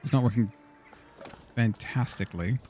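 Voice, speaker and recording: A man's voice: mid-range voice, normal speed, dark tone, lo-fi sound, a little hiss or hum. A man streaming a game, chatting casually and muttering exasperated questions to himself as he plays. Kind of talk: casual gameplay commentary.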